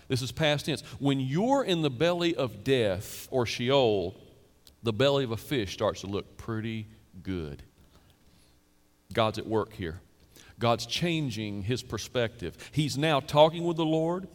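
A man in his fifties, a pastor, preaching a sermon in a chatty, storytelling way with quick asides. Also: medium pitch, expressive, big-room sound. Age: 50s.

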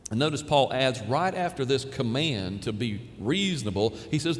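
A man's voice: mid-range voice, expressive, moderate pace. A male pastor preaching a sermon in a conversational, emphatic way, repeating key phrases for stress. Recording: long hall reverb, faint room noise.

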